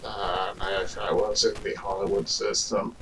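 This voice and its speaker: A man's voice: lowish voice, fairly even intonation, a little slow, gravelly, far from the mic, a little hiss or hum, rough recording. A man delivering a rambling, argumentative casual monologue to the camera, full of fillers and restarts. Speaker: vlogger.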